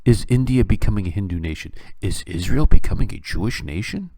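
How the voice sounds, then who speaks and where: Low-pitched male host, sarcastic and incredulous, dry close-mic commentary. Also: fairly quick, no room sound. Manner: animated, sarcastic, incredulous rants. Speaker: podcast host. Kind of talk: opinionated political commentary.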